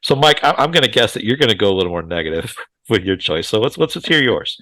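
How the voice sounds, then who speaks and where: A man's voice: lowish voice, animated, fast talker, sharp tone, dry recording. Laughing male podcast host. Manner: laughs often, moderates turns. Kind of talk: casual movie podcast chat.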